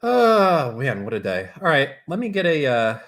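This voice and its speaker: A man's voice: on the high side, very animated, moderate pace, fairly bright tone. A man voicing a weary bear in a bar joke, talking in a casual, slightly exasperated way.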